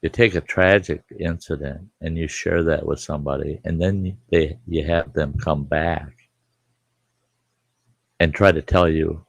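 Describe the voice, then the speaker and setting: A man's voice: a bass voice, steady tone, unhurried, gravelly, no echo. A man in his sixties hosting a live stream, talking in a rambling, emphatic, indignant way from his home studio. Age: 60s. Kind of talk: casual monologue.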